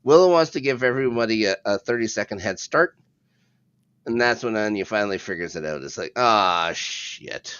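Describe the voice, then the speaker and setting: A man's voice: on the low side, animated, fast, clean tone, no room sound. Man, podcast co-host, casual recap, rambling, chuckling, dull lo-fi sound. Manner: laid-back, chuckling, rambling with frequent hesitations. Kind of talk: casual episode recap chat.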